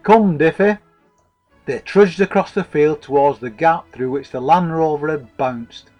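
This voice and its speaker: A man's voice: a little high, moderate pace, a little mellow, faint music behind, poor audio. Man narrating a comic story dryly. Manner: dry, wordy mock-formal telling.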